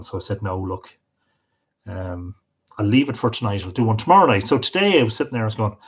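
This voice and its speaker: Irish male host, husky voice, easygoing off-the-cuff livestream chatter. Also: medium pitch. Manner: chatty, off the cuff, greets viewers. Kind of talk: casual livestream chat. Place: home with bookshelves.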